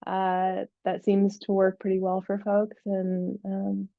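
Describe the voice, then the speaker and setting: A woman's voice: medium pitch, monotone, slow, gravelly, dry recording. A woman in her thirties, a therapist on a video-call panel, talking earnestly and searching for words with many fillers. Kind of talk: panelist introduction. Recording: dull lo-fi video-call audio.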